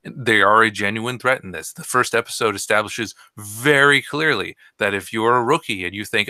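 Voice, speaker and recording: Bright-voiced man rambling enthusiastically. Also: lowish voice, normal speed, hardly any pauses, no room sound, studio quality. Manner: enthusiastic, tangent-prone, with restarts. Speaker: podcast co-host. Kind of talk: casual rambling chat.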